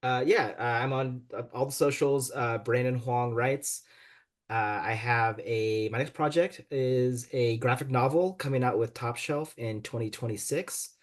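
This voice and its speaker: A man's voice: medium pitch, unhurried. A man, a guest author, reading a passage of his fiction aloud with expression over a video call. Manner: expressive reading with quoted voices.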